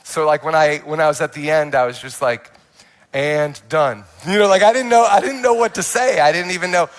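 A young adult male pastor telling his testimony in a sermon, animated and full of restarts and quoted asides. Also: fairly high pitch, a little fast.

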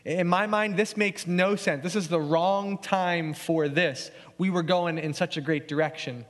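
A man preaching a sermon as pastor, conversational and earnest, going quiet and soft when he reads scripture. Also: high-pitched, steady tone, measured pace, long reverb tail.

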